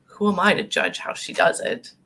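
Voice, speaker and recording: A woman speaking gently and earnestly about grief from her own experience, in a conversational talk. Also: moderate pace. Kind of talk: conversational talk show discussion.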